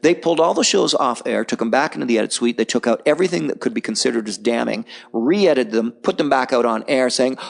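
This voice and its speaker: Blunt gravelly-voiced man telling stories. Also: medium pitch, fast, few pauses. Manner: blunt, animated storytelling with mocking voices. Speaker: podcast guest, survival filmmaker. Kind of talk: candid conversational interview.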